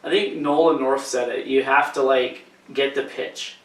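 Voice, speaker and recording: A man's voice: mid-range voice, fairly even intonation, normal speed. A man co-hosting a podcast who rambles and swears a lot in casual chat. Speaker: podcast co-host. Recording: echoey room, mic from a distance.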